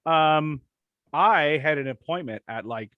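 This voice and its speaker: Lively crude-joking male podcast host. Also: on the high side, a little slow, no room sound, highs cut off. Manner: rambling, crude storytelling with impressions. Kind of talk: casual comedic chat.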